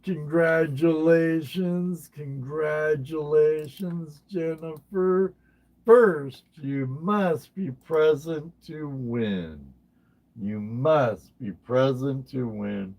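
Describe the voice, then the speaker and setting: A man's voice: on the high side, drawn-out words, darkish tone. A man hosting a casual livestream, chatting with viewers by name and often repeating his phrases. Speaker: livestream host.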